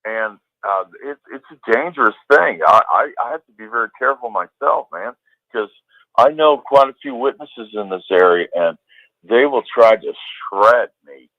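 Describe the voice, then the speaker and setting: A man's voice: medium pitch, animated, normal speed, no room sound. Male caller, heated and emphatic, swears; tinny phone audio. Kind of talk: call-in ranting.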